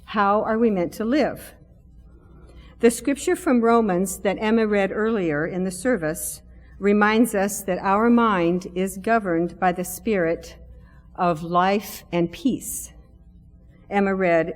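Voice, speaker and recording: A woman's voice: medium pitch, takes it slowly. A middle-aged woman giving a sermon in a church, conversational, with self-deprecating humor. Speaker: lay preacher. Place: church sanctuary. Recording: long church reverb.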